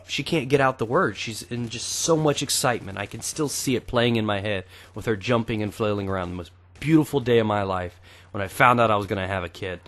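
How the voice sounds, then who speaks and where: Chatty young man with a lowish voice. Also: a little fast, fairly bright tone. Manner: chatty, crude, swears casually. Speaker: gaming YouTuber. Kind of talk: casual gameplay commentary.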